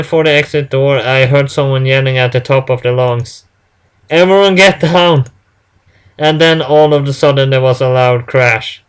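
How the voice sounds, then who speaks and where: A man reading a first-person story aloud in a halting way, stumbling and restarting words often. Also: mid-range voice, clear, resonant tone. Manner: halting, with frequent restarts and fillers.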